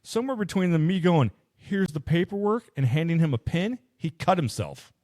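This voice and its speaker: A man's voice: on the high side, very animated, a little fast, warm tone, no room sound, studio quality. A man co-hosting a podcast in casual chat, swearing a lot and acting out quotes as he tells stories. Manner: profane storyteller, acts out quotes. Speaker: podcast co-host.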